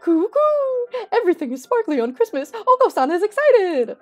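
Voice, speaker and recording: A woman's voice: very high voice, big pitch swings, moderate pace, faint music behind, voice pushed up. A woman squawking as a hyper pigeon boy. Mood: giddy. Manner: squawking, bouncy, shouted bursts.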